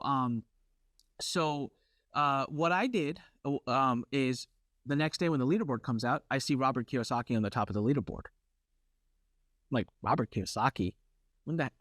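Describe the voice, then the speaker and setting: A man's voice: medium pitch, dry recording, studio quality. Brash, competitive man telling stories. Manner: brash, competitive, animated storyteller. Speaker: workshop host. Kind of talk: live workshop storytelling.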